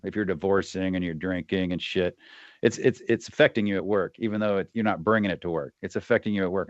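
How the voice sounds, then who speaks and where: A man's voice: fairly low pitch, dry recording, highs cut off. A middle-aged man and retired soldier talking bluntly and with profanity as a podcast guest, often acting out quoted voices. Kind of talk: candid interview talk.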